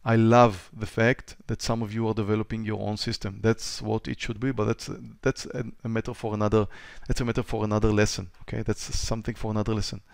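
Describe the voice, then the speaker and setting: A trading instructor with a lowish, gravelly voice runs a live webinar, talking fast with a level tone and few pauses. The smooth recording is dry and studio quality; he addresses students directly, repeats himself, and plays out a trader's racing thoughts.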